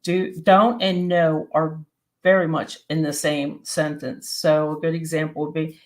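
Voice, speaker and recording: A woman from Maryland and West Virginia giving an explanatory presentation in a steady, plain-spoken teaching manner. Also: low voice, normal speed. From Maryland and West Virginia, USA.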